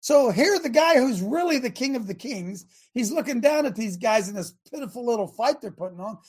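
A man's voice: very high voice, expressive, fairly quick, breathy edge. Emphatic preaching radio host, middle-aged man. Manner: emphatic, rising to near shouts when quoting scripture; chatty, speaks directly to listeners and producer. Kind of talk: sermon-style Bible teaching.

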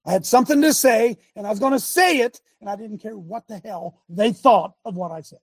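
A man's voice: high voice, brisk, husky, no room sound. A man hosting a call-in talk show, speaking fervently and emphatically and repeating his phrases for weight.

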